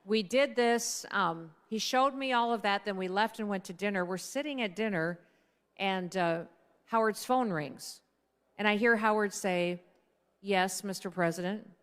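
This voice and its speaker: A middle-aged woman speaks at a dinner event, telling a personal story in a relaxed, conversational way. Her voice is smooth and clean, in a middle register, and she slips into the voices of the people she quotes. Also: mid-range voice, measured pace. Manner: conversational, acts out quoted dialogue. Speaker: guest speaker at a political dinner. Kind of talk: anecdotal storytelling speech.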